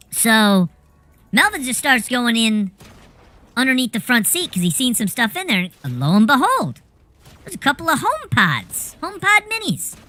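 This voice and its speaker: A woman telling a rambling anecdote in a casual, animated way, swearing freely as she goes. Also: fairly high pitch, no room sound. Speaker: storyteller.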